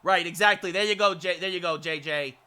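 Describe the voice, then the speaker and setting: A man calling play-by-play for a hockey video game as a streamer, with excited announcer calls that build to shouts and relaxed chatty replies to viewers. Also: sits high, a little fast. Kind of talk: mock sports commentary mixed with chat replies.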